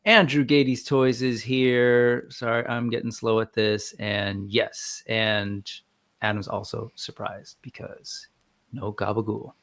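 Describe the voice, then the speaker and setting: A man's voice: lowish voice, flat delivery, takes it slowly, a bit bright. A man in his forties hosting a casual livestream, chatting loosely and greeting viewers by name as he reads the live chat. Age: 40s. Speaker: host.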